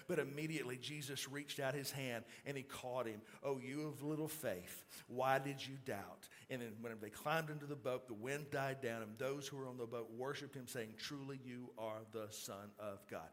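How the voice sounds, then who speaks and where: A middle-aged male pastor delivering a sermon, moving from calm storytelling to loud, excited preaching. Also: medium pitch, normal speed, few pauses.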